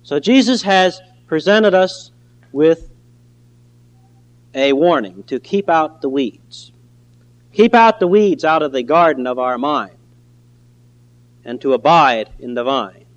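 A man preaching a sermon in an earnest, emphatic way, slowing down on key phrases. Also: fairly high pitch, lively intonation, poor audio.

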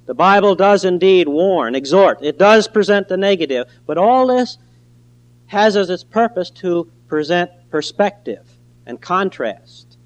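A man preaching a sermon in an earnest, emphatic way, slowing down on key phrases. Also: high voice, expressive, low-quality recording.

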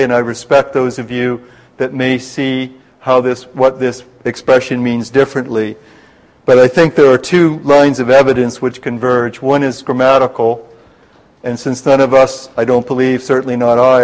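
A man leading a Bible study class, explaining scripture in a measured way and slowing down to spell out terms and quotes. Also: mid-range voice, a little mellow, poor audio.

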